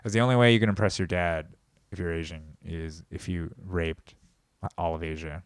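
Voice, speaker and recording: A man's voice: sits low, fairly even intonation, moderate pace, clear, resonant tone, no room sound, studio quality. Sarcastic rambling man on a podcast. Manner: rambling, sarcastic riffing with frequent laughs; swings between loud outbursts and mumbled asides. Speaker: podcast host. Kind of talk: comedic monologue.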